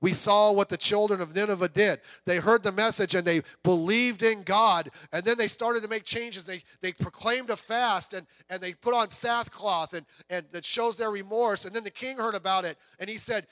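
A high-voiced man preaches in a loose, conversational way, full of asides and rhetorical questions. The sound is dry and close, with no room echo. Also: fairly even intonation, normal speed, few pauses, fairly bright tone. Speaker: pastor. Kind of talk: sermon.

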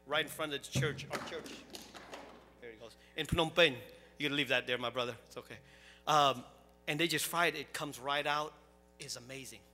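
A man preaching a sermon as pastor, swinging from quiet storytelling to loud, animated preaching. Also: mid-range voice, normal speed, long reverb tail, soft background music.

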